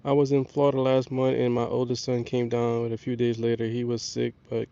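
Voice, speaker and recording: A man with a hoarse voice from a cold, chatting casually on a fishing livestream from a lake. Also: medium pitch, a little fast. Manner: excitable, talks to viewers and fish. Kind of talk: casual live-stream chat. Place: outdoors on a lake. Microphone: camera mic on the body. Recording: muffled lo-fi outdoor stream.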